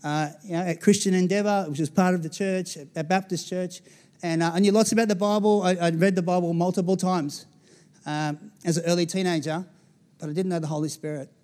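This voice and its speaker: An Australian man in his forties preaches in a fairly high voice. His tone is loose and conversational, and he keeps turning to the congregation with little asides. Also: steady tone, brisk, warm tone. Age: 40s. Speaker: pastor. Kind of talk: sermon.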